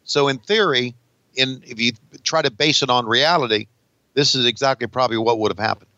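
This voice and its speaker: A man co-hosting a wrestling podcast, talking casually with halting restarts and swearing now and then. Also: mid-range voice, sharp tone, no room sound, highs cut off. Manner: halting restarts, drawled asides. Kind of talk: casual profane banter.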